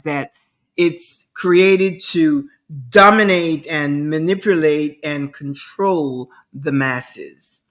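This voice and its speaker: Slow, bright-voiced woman host rambling. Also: lowish voice. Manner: rambling, repeats words, questioning and emphatic. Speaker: show host. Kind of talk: casual monologue.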